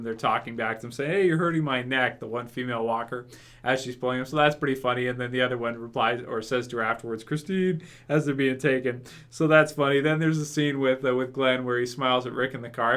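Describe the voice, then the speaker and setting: An English-raised young man talking through a casual reaction video. He rambles, restarts his sentences and breaks into laughter often. His pitch sits in the ordinary middle range for a man. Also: a bit bright. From England. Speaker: YouTube reaction host.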